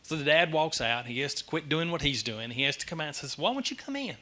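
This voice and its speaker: A middle-aged man preaches in a church, his voice bright and sitting a little high. He tells the story in an animated way and pokes fun at himself as he goes. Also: fast talker. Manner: animated storytelling, self-deprecating. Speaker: lay speaker giving a church message. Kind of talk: sermon. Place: church sanctuary.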